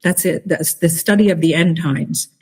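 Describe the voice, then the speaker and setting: An earnest woman speaks openly in a conversational interview, her voice full of emotion as she tells a personal story of faith. She talks haltingly and often restarts her sentences. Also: sits low, a little mellow, slightly rough. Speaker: interview guest.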